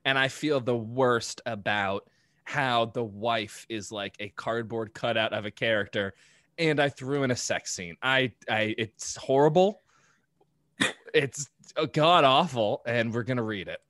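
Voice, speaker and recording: A man's voice: mid-range voice, a little slow, a bit bright, no room sound. A man reading his own comedy script aloud and chatting casually, self-mocking and laughing often.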